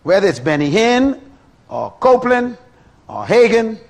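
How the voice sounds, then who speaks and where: Middle-aged male preacher, animated sermon, rhetorical questions, lively pitch. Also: a little slow.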